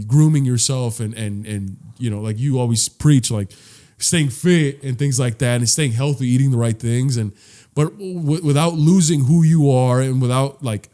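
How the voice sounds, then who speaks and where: A man's voice: mid-range voice, a little mellow. A young man co-hosting a casual podcast, talking earnestly and swearing freely, often repeating words as he builds his point. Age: young adult. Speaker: podcast co-host.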